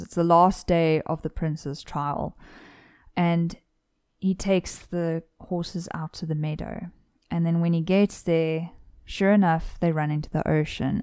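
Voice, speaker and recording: A young woman casually retelling a folk tale on a podcast, lively and playful with asides. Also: fairly low pitch, clean tone, no room sound. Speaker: podcast co-host.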